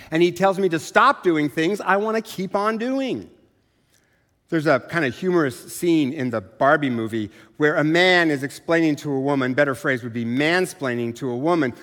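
Man, middle-aged, pastor, sermon, conversational, slightly raised pitch, long church reverb. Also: a bit bright. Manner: conversational, self-deprecating preaching. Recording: long reverb of a large hall.

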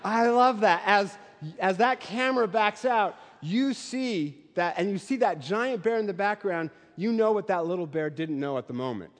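A man's voice: high voice, expressive, normal speed, few pauses. A male pastor preaching a Christmas sermon with rhythmic, building repetition. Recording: long hall reverb.

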